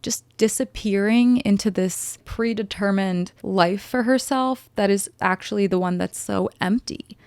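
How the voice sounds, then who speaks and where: A woman's voice: mid-range voice, unhurried, clean tone, no room sound. Chatty woman recapping a movie, dry sound. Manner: chatty, expressive, quotes characters in little voices. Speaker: movie reviewer. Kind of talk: casual spoken film recap and review.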